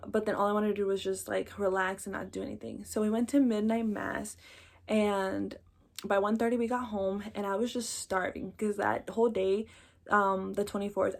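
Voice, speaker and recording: A woman's voice: medium pitch, creaky. Chatty young woman vlogging. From Mexico. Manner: chatty, rambling, lots of fillers like "like" and "um". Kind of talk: casual chat to camera.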